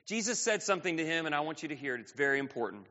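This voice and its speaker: A male pastor preaching a sermon. His voice swings from loud to soft within a breath. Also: on the high side, big pitch swings, very fast. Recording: dull sound with long reverb in a hall.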